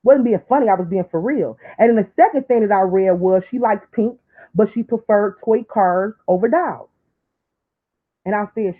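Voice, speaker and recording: A woman talking on a live stream in a preachy, emotional way, dropping low for asides and climbing high when she pleads. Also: normal speed. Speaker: online commentator. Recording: tinny phone-like line.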